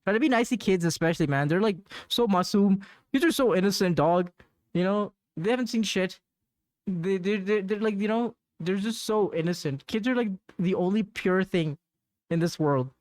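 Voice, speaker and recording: A man's voice: high-pitched, dry recording, studio quality. A man hosting a casual solo podcast, rambling with lots of fillers and restarts, slangy, and laughing at awkward moments. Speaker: podcast host.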